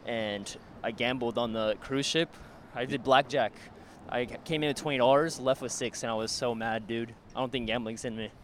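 A man's voice: mid-range voice, fairly even intonation, moderate pace. A young man, a stand-up comic, chatting casually and rambling with restarts as he walks outdoors. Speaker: stand-up comedian. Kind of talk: casual chat while walking. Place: outdoors on a city street. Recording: faint street traffic noise.

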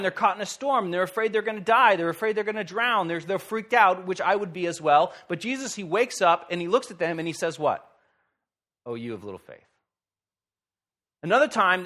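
A man pastor giving a sermon in a conversational, lively way with wry humor. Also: a little high.

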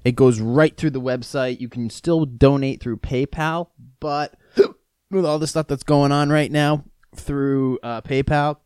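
Profane rambling podcast host with hiccups. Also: male voice, medium pitch, steady tone, a little slow, a little mellow, smooth, no room sound, clean studio sound. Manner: rambling, profane and self-mocking. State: has the hiccups. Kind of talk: casual solo podcast rant.

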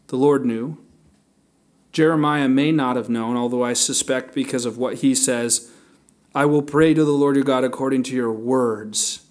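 A man leading a casual sermon-style Bible study, thinking aloud with fillers and restarts and reading scripture aloud slowly. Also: medium pitch, steady tone, a little mellow. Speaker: Bible teacher.

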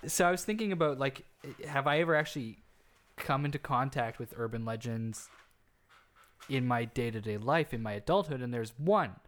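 Dude rambling thru a story on a podcast, normal pitch, lots of restarts. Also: male voice, expressive, moderate pace, a bit bright. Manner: rambling, frequent restarts and fillers. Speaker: podcast co-host telling a story. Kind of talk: casual storytelling chat.

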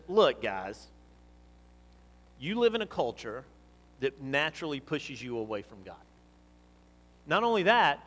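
A man delivering a sermon, his voice sitting a bit high for a man. He swings between loud, emphatic exhortation and quiet, explanatory teaching. His words ring out with the long reverb of a church hall. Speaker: pastor.

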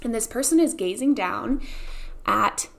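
A woman's voice: fairly high pitch, animated, a little slow, vocal fry, a bit bright. Chatty Indiana woman hosting a podcast. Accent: Indiana Midwestern. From Indiana, USA. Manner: chatty, storytelling, laughs often. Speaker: podcast host. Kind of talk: casual solo podcast talk.

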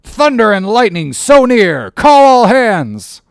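A man voicing a commanding male whaling ship captain shouting orders. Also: high-pitched, big pitch swings, takes it slowly, smooth, no echo, studio quality, voice pushed up, full character voice. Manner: barking orders.

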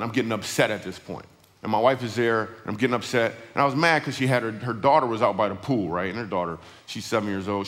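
A man's voice: medium pitch, a bit bright. A middle-aged man telling a funny, slangy personal story as a guest speaker. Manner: casual, conversational, slangy storytelling. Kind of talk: storytelling talk with humor. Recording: long reverb of a large hall.

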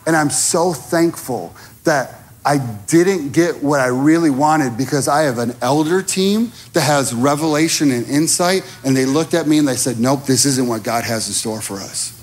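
A man preaching a sermon as pastor, telling stories and acting out dialogue, moving from hushed moments to rising intensity. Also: mid-range voice, normal speed, hardly any pauses. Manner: animated storytelling, acting out dialogue. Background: music.

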